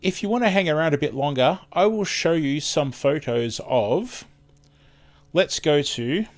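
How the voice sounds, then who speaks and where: A man's voice: on the high side, lively intonation, a little slow. An Australian man hosting a live stream in casual chat, rambling and chatty, often losing his words and starting over.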